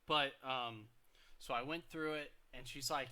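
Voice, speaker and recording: A young man co-hosting a podcast, telling work stories in casual chat, getting loud and animated when he quotes people. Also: mid-range voice, measured pace. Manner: animated, rises loud when quoting people, stammers restarts. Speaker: podcast co-host.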